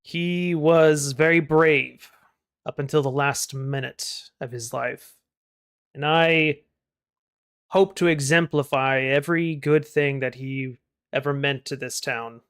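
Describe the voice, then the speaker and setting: A man's voice: fairly high pitch, steady tone, fairly bright tone, clean tone. Man doing a weary, formal young burgomaster. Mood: somber. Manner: formal, measured speech. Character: young male village leader, weary, polite. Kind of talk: tabletop role-play.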